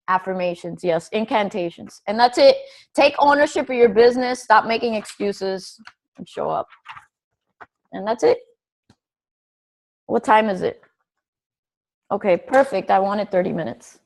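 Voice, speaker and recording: A woman's voice: medium pitch, measured pace, gravelly, pauses often, poor audio. A woman leading a motivational team call as coach, blunt and profane, urging her listeners to show up and be real. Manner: blunt, profane, pep-talk delivery.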